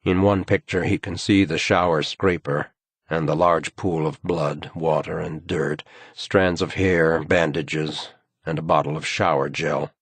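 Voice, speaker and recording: A man reading a crime thriller audiobook in measured, grave scripted narration. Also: extremely low pitch, steady tone, breathy edge, dry recording.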